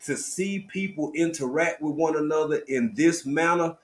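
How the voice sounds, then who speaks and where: A man's voice: on the high side, normal speed. A middle-aged man hosting a livestream, talking in a heartfelt, preacherly way and calling his listeners family. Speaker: livestream host. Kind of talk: casual live stream chat.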